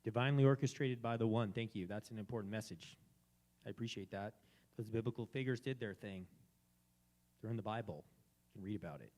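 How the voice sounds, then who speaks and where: A man hosting a live gathering, giving a preachy spiritual talk that swings between hushed and emphatic. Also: fairly low pitch, fairly quick, long pauses. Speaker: event host.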